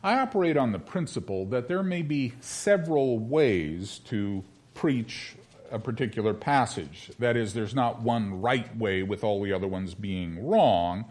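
Lively, wry male preacher. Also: on the low side. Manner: lively, wry preaching with slow, emphatic scripture reading. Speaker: pastor. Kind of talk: sermon.

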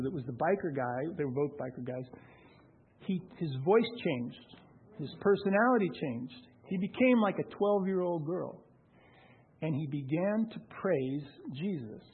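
Husky man telling his testimony. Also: on the high side. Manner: conversational, halting restarts. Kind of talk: spoken testimony story. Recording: tinny phone-like sound.

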